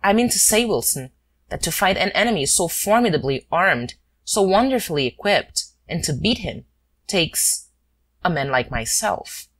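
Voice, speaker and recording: A woman voicing a proud, calm male detective who speaks in a measured, superior way. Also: fairly low pitch.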